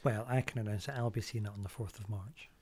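Fast-talking man cracking jokes on a podcast. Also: fairly low pitch, fairly even intonation, darkish tone, slightly rough. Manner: brief, joking interjections. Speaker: podcast co-host. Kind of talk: casual chat.

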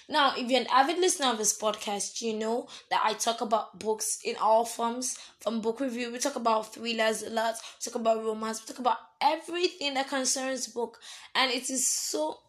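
A young woman hosting her own book podcast, chatting casually, apologetic and excitable, poking fun at herself. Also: fairly high pitch, moderate pace. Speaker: podcast host. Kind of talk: casual solo podcast chat.

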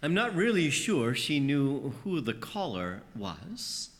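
Priest preaching in a reverberant church. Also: male voice, huge pitch swings, slow. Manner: storytelling, acting out voices with big swings in pitch. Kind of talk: sermon.

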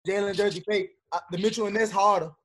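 High-voiced man calling out matchups. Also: fairly even intonation, fast talker, a bit bright. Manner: calls out matchups, polls the group, slangy. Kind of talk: casual chat making sports picks.

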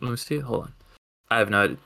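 A man's voice: lowish voice, expressive, quick pace, gravelly, sharp tone, slight background noise. Dry, joking male co-host. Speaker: podcast co-host. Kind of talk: casual chat.

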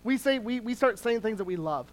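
A preacher and parent giving a sermon in a conversational teaching tone, with small restarts, slowing down to stress key words. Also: mid-range voice, expressive, poor audio. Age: adult parent.

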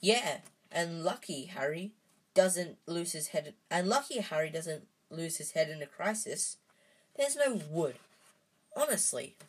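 Woman putting on a snarky hotheaded schoolboy, loud and mocking, husky voice. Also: fairly low pitch, big pitch swings, unhurried, far from the mic, full character voice. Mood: scornful. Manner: sarcastic, loud bellowing. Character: sarcastic young schoolboy wizard, hotheaded.

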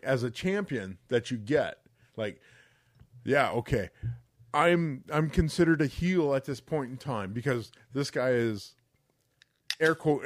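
A man co-hosting a podcast, telling a story in an animated, profane way with frequent laughter, close to the mic. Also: medium pitch, no room sound. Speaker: podcast co-host. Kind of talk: casual storytelling.

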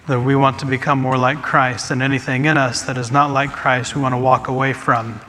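A man's voice: mid-range voice, little pitch movement, fairly quick, pushed and bright. A man preaching as pastor, earnest, often restarting and repeating his phrases as he speaks. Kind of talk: sermon with congregation Q&A. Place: church sanctuary. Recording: long church hall reverb, faint ambience.

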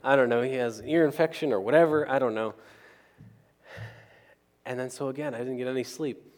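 A man delivers a sermon as a casual personal story, often pausing to check in with his listeners. His voice sits at an ordinary middle pitch. It rings out with a long reverb through a large hall. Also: a little mellow. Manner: conversational, keeps asking the crowd "right?".

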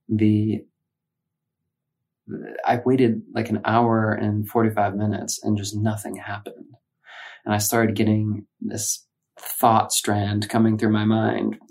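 A man's voice: on the low side, slow, long pauses. A man from Michigan telling a personal story in casual conversation, acting out his own thoughts in changing voices. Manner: animated, acts out his own inner voices. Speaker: guest.

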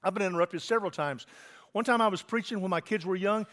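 A man's voice: high voice, fast talker, a bit bright. A middle-aged man preaching a sermon as pastor, conversational and asking his congregation questions.

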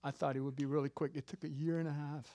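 A man in his fifties preaching a sermon as pastor, animated and jokey, swinging from loud emphasis to quiet asides. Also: on the high side, fast talker, no room sound. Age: 50s.

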